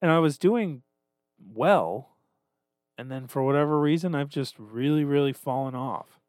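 A man's voice: medium pitch, measured pace, a little mellow, dry recording, studio quality. A man in his thirties, a podcast co-host talking casually, self-deprecating and swearing a lot. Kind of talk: casual chat.

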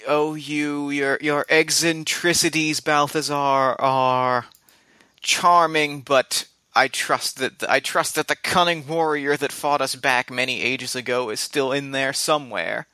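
A man narrating as game master of a tabletop game, in a relaxed, loose style with frequent restarts and fillers. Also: a little high, unhurried, clear, resonant tone, no room sound.

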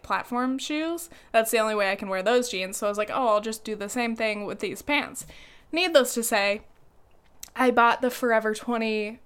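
A young woman talks straight to her audience in a loose, casual vlog style, dropping fillers and curse words as she goes. Her voice sits a little high and comes through smooth and clear. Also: a bit bright. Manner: chatty, lots of "like" fillers, swears freely. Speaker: vlogger. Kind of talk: casual chat.

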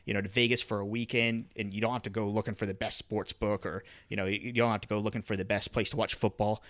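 Fast-talking and fairly low-voiced, a fantasy football podcast co-host keeps things relaxed and conversational with lots of filler words, including during an ad read. There's no echo on the recording.

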